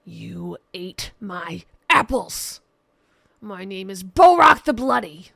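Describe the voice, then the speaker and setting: Brief: a loud, blunt, bloodthirsty male bruiser, raspy and hot-headed, played by a woman. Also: medium pitch, big pitch swings, slow, dry recording, clean studio sound, full character voice. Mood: angry. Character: hulking bloodthirsty male brute, short-tempered.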